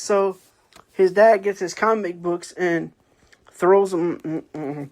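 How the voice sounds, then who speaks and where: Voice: mid-range voice, takes it slowly. Casual book-review host, rambling delivery, lots of fillers and self-corrections. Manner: rambling, many fillers and restarts; acts out characters' lines in a raised voice. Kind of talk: casual spoken book review, retelling the plot.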